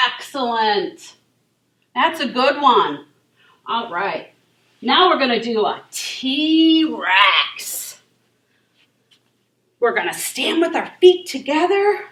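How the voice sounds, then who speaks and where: Woman children's yoga instructor, high-pitched and sing-song, unhurried; recorded far off in a reverberant room. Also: big pitch swings. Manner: encouraging, gentle and sing-song. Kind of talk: leading a kids' yoga class. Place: library room.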